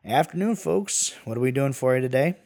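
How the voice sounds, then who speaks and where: A man's voice: mid-range voice, lively intonation, fairly quick, gravelly, darkish tone, pitched above the performer's own voice. A man voicing an impatient male storekeeper on the frontier, folksy and exasperated.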